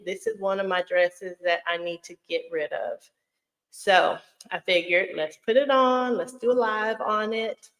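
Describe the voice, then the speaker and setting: A woman's voice: mid-range voice, rough recording. A middle-aged woman chatting casually on a live stream, effusive and rambling, greeting viewers by name and laughing often. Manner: rambling with many fillers and restarts. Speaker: vlogger hosting a live Q&A.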